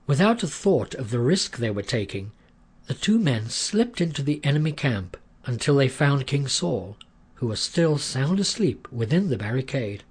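A man narrating a story in a measured, earnest way. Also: medium pitch, big pitch swings, husky.

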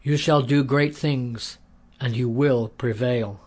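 A man voicing a remorseful older king in a read-aloud story, speaking solemnly with a husky voice. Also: mid-range voice, steady tone, slow, darkish tone.

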